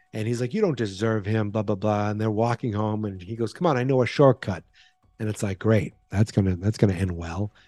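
Mellow-voiced man rambling through a recap. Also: lowish voice, no room sound. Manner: rambling, chatty, frequent fillers and restarts. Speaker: podcast host. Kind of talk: casual horror movie recap.

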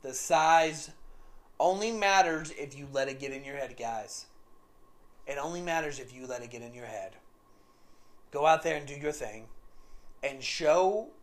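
A man's voice: mid-range voice, unhurried, long pauses. A man telling a story in a casual, rambling monologue, repeating himself often. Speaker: vlogger.

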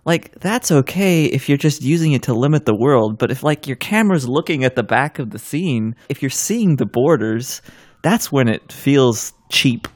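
A man's voice: mid-range voice, animated, moderate pace, no room sound, studio quality. A man in a casual group discussion, speaking sarcastically and mockingly mimicking characters.

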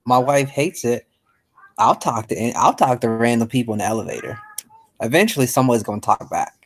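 A man's voice: mid-range voice, a little fast, husky, rough recording. Teacher guy chatting on a podcast, easygoing and talkative. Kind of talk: casual podcast conversation.

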